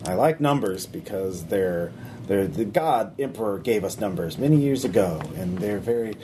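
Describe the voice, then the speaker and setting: A man's voice: lowish voice, animated, dark tone, a little hiss or hum, pitched below the performer's own voice, close to an everyday voice. A man doing a fussy, condescending cyborg tech priest. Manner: halting, rambling, many filler sounds. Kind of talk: tabletop game character voice.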